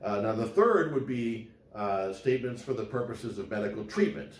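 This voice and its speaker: A man's voice: lowish voice, lively intonation, normal speed. Rambling male law lecturer in an echoey room. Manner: rambling, with frequent fillers and restarts. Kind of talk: casual recorded lecture.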